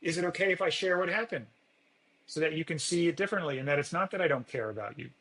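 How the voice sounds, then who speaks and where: A man's voice: on the high side, fast talker, fairly bright tone, poor audio. A man, a physician guest on a podcast, explaining earnestly and acting out sample dialogues in a lifted voice.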